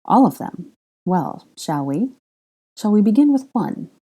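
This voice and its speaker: A bold, cheeky young witch, put on by a woman reading a story aloud. She teases in a playful, breathy drawl. Her voice sits higher than the reader's mellow low tone. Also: very animated, a little slow.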